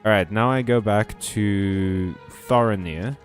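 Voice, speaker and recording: Low-voiced jokey male game streamer. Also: slow pace. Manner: chatty, jokey, laughs often, swears casually. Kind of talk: casual gameplay commentary. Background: faint game music.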